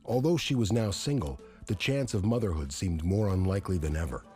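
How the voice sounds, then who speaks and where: A man narrating a documentary in a measured, expressive storytelling manner. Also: low voice. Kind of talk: scripted narration. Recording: music bed underneath.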